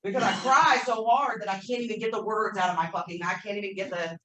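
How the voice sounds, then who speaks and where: A woman's voice: mid-range voice, steady tone, fast talker, sharp tone. A woman speaking candidly at a recovery convention workshop, emotional and self-deprecating, with some swearing. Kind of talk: personal recovery share. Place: convention meeting room. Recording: echoey room, faint noise.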